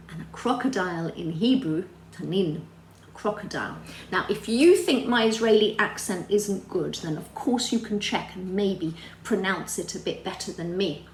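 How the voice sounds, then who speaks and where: A woman leads a story lesson for small children, her voice swooping lively up and down. She talks in an animated, sing-song way and keeps asking her young listeners questions. The recording sounds roomy, with a faint hum underneath. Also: mid-range voice. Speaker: children's religious teacher.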